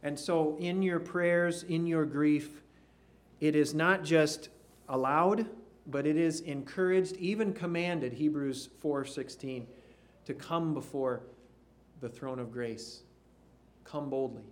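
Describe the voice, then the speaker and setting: A man preaching a sermon in an earnest way, sinking to a hush on key phrases. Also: medium pitch, fairly even intonation, measured pace, a little hiss or hum. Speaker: pastor.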